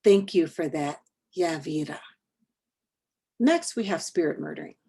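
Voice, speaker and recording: This workshop trainer, a woman, presents an online training session via video call with earnest deliberation, letting each point trail off into a near-whisper. She has a low, creaky, husky voice with lively intonation.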